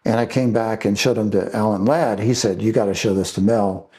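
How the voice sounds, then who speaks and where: Older man, low pitch, mellow tone, interview guest, animated storyteller, acts out quotes. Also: a little fast. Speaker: screenwriter and director guest.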